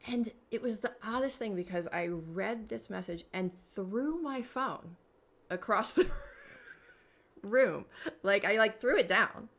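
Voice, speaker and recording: A woman guest on a podcast telling a personal story in a casual, animated way, acting out quoted dialogue and using plenty of filler words. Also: mid-range voice, takes it slowly. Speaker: podcast guest, mentor and hypnotherapist.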